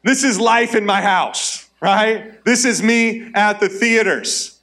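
High-voiced pastor preaching with humor. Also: male voice, slow, pushed and bright. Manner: conversational and humorous, calls to the congregation. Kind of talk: sermon. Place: church auditorium.

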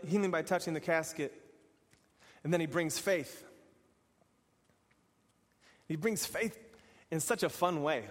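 A man's voice: on the high side, long reverb tail. A man preaching an earnest sermon in repeated, building phrases. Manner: earnest, repetitive, building to exhortation.

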